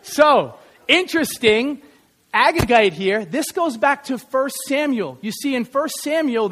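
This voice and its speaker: A man preaching a sermon in a church, lively and joking with the congregation. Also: extremely high pitch, measured pace. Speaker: pastor. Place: church sanctuary.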